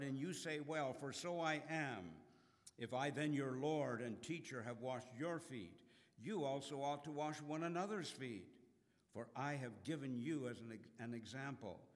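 A man preaching a sermon in an earnest, measured way, reading scripture slowly with emphasis. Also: mid-range voice. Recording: long hall reverb.

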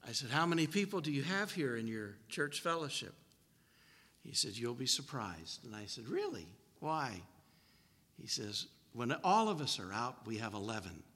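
A man preaching and telling a folksy story from the pulpit. His voice is bright and forceful, and a long reverb trails after it in a church hall. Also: mid-range voice. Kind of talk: storytelling sermon.

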